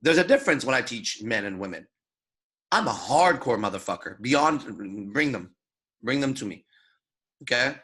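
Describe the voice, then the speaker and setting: A man's voice: mid-range voice, lively intonation, normal speed, pushed and bright, slightly rough. A man coaching seduction in a crude, emphatic lecture, swearing constantly and acting out his own thoughts. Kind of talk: profane motivational lecture.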